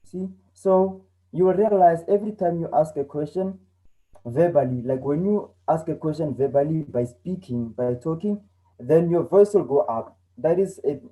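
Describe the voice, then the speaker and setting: A man's voice: on the high side, warm tone, low-quality recording. A man teaching an online English lesson, explaining patiently and repeating himself with a lot of "okay". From South Africa. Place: home.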